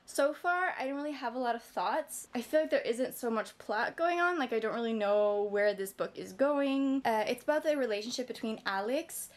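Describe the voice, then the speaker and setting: A chatty woman talks through her reading in a relaxed home vlog, her voice sitting a touch high. She rambles a little and drops the odd curse along the way. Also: normal speed, hardly any pauses. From Denmark. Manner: chatty, rambling, swears casually. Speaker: book vlogger. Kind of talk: casual vlog chat.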